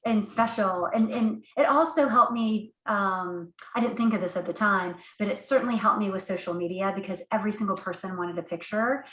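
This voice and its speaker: Animated woman rambling through a story, laughs a lot, roomy echo. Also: mid-range voice, a little fast, hardly any pauses. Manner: animated, laughs often, many fillers. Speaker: author guest. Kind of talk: casual storytelling interview. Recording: echoey room.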